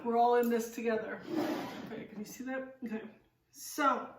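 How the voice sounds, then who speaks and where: Woman home cook, casual vlog chatter, candid and rambling; high voice, recorded at a distance in an echoey kitchen. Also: fairly even intonation, normal speed, heavy background noise. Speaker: home cooking vlogger. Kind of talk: casual cooking vlog chat. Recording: roomy kitchen, voice off-mic.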